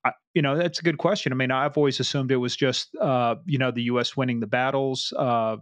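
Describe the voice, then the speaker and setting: A man's voice: medium pitch, steady tone, a little fast, a bit bright, dry recording. A man hosting a podcast, chatting casually, joking and asking his guest questions. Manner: joking, laughs easily, asks questions. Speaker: podcast host. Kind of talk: casual chat interview.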